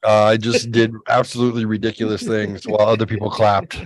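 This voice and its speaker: A man's voice: lowish voice, quick pace, no echo, poor audio. A man in his forties telling a party story in casual chat, acting out quotes in a raised voice. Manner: animated, acts out quotes in a raised voice. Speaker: podcast co-host.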